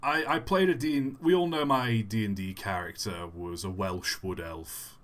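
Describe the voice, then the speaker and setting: A man's voice: on the low side, normal speed, few pauses, fairly bright tone. A man answering chat questions on a casual live stream, rambling and self-deprecating, with many fillers.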